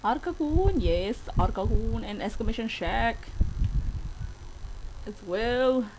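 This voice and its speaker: A man's voice: very high voice, animated, slow pace, noisy background. A male streamer giving live commentary on a game, giggling often and reading the dialogue aloud.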